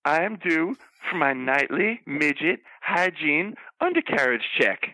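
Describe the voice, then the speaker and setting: A man's voice: fairly high pitch, big pitch swings, a little slow, bright, forceful tone, no echo, voice pushed down, exaggerated voice, low-quality recording. A man voicing a flustered, bawdy old Southern belle who keeps gasping with hiccups as she rambles through scandalous gossip. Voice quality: gasping hiccups between phrases. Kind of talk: comedic character bit.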